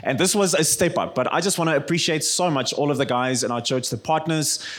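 A pastor with a South African accent preaches to his church congregation during a service, conversational and full of stories, calling for the people's response. His voice is fairly high and fairly bright, with a brisk delivery.

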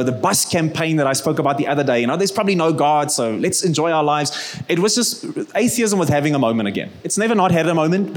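A man giving an earnest, conversational sermon and leading a prayer, telling stories with casual fillers. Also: mid-range voice. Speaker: preacher.

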